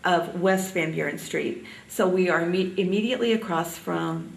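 An older woman from Indiana reminiscing in an oral history interview, halting often with ums. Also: lowish voice, gravelly, reverberant, recorded from a distance, rough recording.

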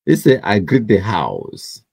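Speaking at a moderate pace, this man has a dark tone on the low side, recorded with no room sound. He hosts a livestream in a Cameroonian Pidgin English accent, mocking viewer comments as he reads them aloud, chatting, laughing a lot and repeating words.

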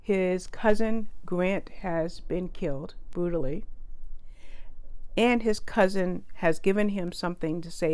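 A woman's voice: lowish voice, slow pace, a little mellow, smooth. A woman giving a casual spoken book review, chatty and prone to correcting herself and wandering into asides.

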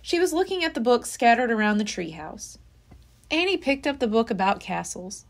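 A woman's voice: on the high side, sing-song, moderate pace. A woman library storyteller reading a children's chapter book aloud with expression. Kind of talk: children's read-aloud narration.

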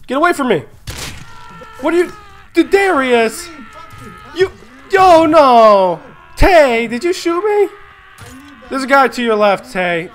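A young man commentating his own chaotic survival game, frantic, laughing and swearing. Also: high-pitched. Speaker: gaming YouTuber.

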